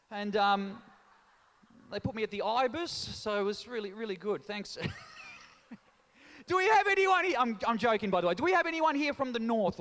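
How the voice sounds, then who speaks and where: A man's voice: high voice, fairly bright tone. A man doing live stand-up comedy and teasing the crowd, mixing in Italian phrases. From Australia. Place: large town hall stage. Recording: long reverb of a hall.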